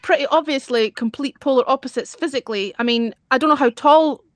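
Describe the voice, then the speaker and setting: Scottish woman guest, dry scolding banter, high voice, close and dry. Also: brisk, no room sound. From Scotland. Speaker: chat guest. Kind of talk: casual banter.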